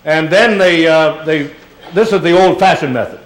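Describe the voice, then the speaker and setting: A man's voice: a little high, normal speed, low-quality recording. An older man speaking as a guest at a question-and-answer session, rambling and playful with theatrical touches. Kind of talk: Q&A talk to an audience. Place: auditorium.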